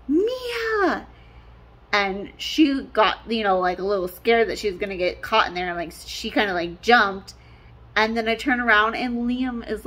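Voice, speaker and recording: Her medium-pitched voice is a bit bright as she chats to the camera from a hotel room. This family vlogger, a mother of twins, meanders through her stories and leans heavily on the word "like."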